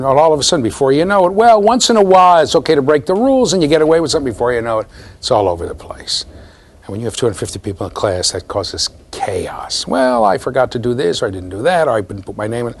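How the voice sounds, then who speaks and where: Animated male lecturer in a lecture hall. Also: medium pitch. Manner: animated, playful, addresses students directly. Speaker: university lecturer. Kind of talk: classroom lecture with live demonstration.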